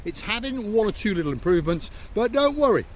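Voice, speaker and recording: Jokey English man with a lively voice. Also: high voice, fast, slight background noise. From England. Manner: jokey, rambling, lively tour-guide patter. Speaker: vlogger host. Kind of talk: playful travel vlog chat. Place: outdoors by a seaside resort.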